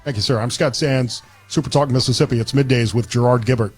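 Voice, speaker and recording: A man's voice: mid-range voice, fairly even intonation, fast, soft background music. A man filling in as host of a radio talk show, chatting in an easygoing, conversational way from a studio, often restarting his sentences. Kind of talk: casual talk radio chat.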